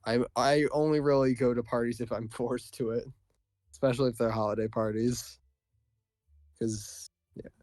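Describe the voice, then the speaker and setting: A man's voice: mid-range voice, steady tone, moderate pace, pauses often, darkish tone, no room sound. A man chatting as a guest on a casual stream, easygoing and self-deprecating.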